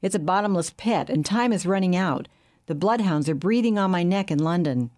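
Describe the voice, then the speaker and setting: A woman's voice: lowish voice, lively intonation, brisk, darkish tone, close to an everyday voice. A woman reading as a grumbling, impatient banker. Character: portly, florid, worried male London banker.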